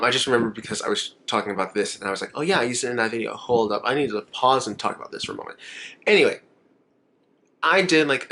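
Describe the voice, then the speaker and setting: A man's voice: mid-range voice, pushed and bright. A young man chatting to camera in a makeup vlog, rambling, emotional and laughing often. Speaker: makeup vlogger. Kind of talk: casual chat to camera.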